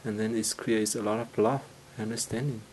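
A man giving an informal teaching talk in halting English, full of fillers and restarts, growing animated as he acts out everyday scenes. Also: on the low side, a little hiss or hum, low-quality recording. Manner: gets animated and laughs when acting out scenes.

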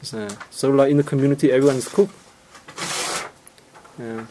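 A man gives an informal teaching talk at a mid pitch. His English halts and restarts, padded with fillers, and he warms up and turns lively when acting out everyday scenes. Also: slight background noise, low-quality recording. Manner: halting non-native English, many fillers and restarts; gets animated and laughs when acting out scenes.

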